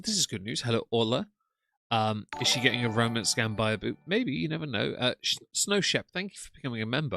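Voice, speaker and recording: A man's voice: lowish voice, fairly bright tone, dry recording. Rambling man hosting a dry live stream. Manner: chatty, rambling, with frequent ums and yawns. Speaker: livestream host. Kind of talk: casual live-stream chat, greeting viewers.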